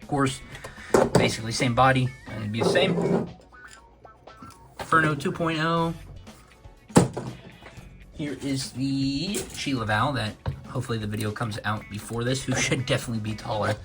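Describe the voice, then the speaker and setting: A man's voice: medium pitch, normal speed, long pauses, over loud music. A young man giving a casual toy review, rambling a little with many fillers and corrections of himself.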